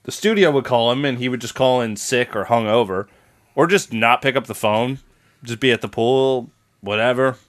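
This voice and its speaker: A man's voice: mid-range voice, moderate pace, fairly bright tone. Casual, swearing male podcast storyteller. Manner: loose and profane, acts out quotes. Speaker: podcast host telling a history story.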